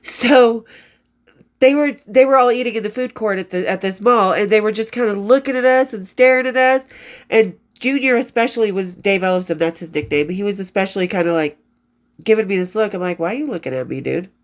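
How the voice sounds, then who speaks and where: A woman's voice: medium pitch, a little fast. A woman in her fifties reading from her old diary and telling rock stories in a rambling, profane way, often losing her place and starting over. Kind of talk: casual storytelling, reading diary entries.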